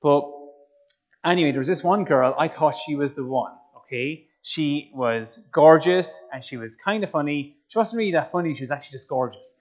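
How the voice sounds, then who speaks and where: A man giving a personal testimony talk, telling his story in an animated way and turning to the audience with questions. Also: a little high, moderate pace. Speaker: speaker. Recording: slightly muffled recording.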